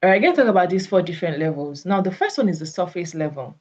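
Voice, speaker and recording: A woman's voice: fairly low pitch, big pitch swings, rapid-fire, a little mellow. A woman with a Nigerian English accent coaching on sales conversations, acting out both sides of the talks she describes. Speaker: network marketing coach. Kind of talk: coaching talk with acted example dialogues. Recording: slightly dull lo-fi audio.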